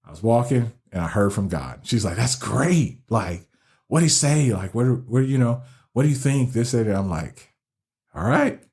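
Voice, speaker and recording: A middle-aged man telling his story as a podcast guest, animated and laughing often, with many restarts. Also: mid-range voice, normal speed, creaky. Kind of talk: casual storytelling interview.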